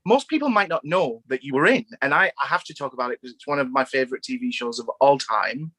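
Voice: mid-range voice, lively intonation, fast, a bit bright, no room sound. A podcast host and eager fan, interviewing a guest informally over a video call.

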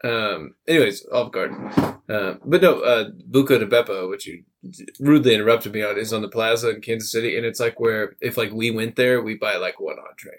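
A man's voice: lowish voice, a little fast. A man co-hosting a casual podcast, rambling with lots of fillers and frequent laughs. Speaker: podcast co-host. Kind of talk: casual chat.

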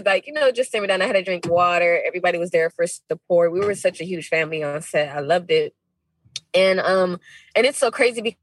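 A young woman with a husky, breathy voice tells her story on a podcast. She is animated and heartfelt, and swings high when she acts out what people said. The sound is dry, from a mic a little way off. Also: no echo, far from the mic, low-quality recording. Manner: animated, emotional, acts out quotes with big pitch jumps; heartfelt, faith-filled tone. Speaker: actress guest.

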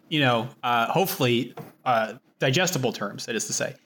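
A man's voice: mid-range voice, moderate pace, fairly bright tone, slight background noise. A man co-hosting a podcast in casual chat, rambling and swearing freely. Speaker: podcast co-host.

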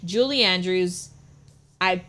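Young woman from mexico, no accent, talks fast and animated, swears a lot, laid-back podcast chat. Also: lowish voice. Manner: animated, swears freely, tells long stories.

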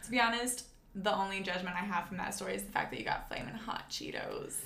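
Woman co-host with quick teasing reactions. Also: medium pitch, gravelly, background noise. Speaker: podcast co-host. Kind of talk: casual chat.

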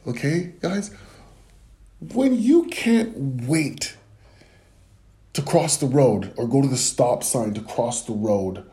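A man's voice: mid-range voice, warm tone. A man performing a rambling comedic monologue to the camera, swinging between flustered apologies and mock-earnest preaching.

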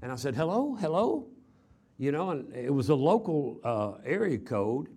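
A man's voice: medium pitch, expressive, moderate pace, mellow, breathy edge. An older man from Texas preaching a chapel sermon, telling stories in a folksy way with frequent fillers and repeated words. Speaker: traveling preacher.

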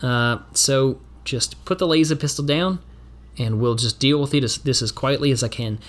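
A man's voice: mid-range voice, moderate pace, natural voice. A man voicing a friendly, laid-back male wasteland wanderer in an attempted Australian or New Zealand accent, reassuring and hesitant.

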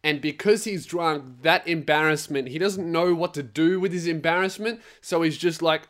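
Profane man ranting, fairly high voice. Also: moderate pace, hardly any pauses. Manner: profane, animated storytelling with laughs. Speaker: podcast host. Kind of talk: casual comedic rant.

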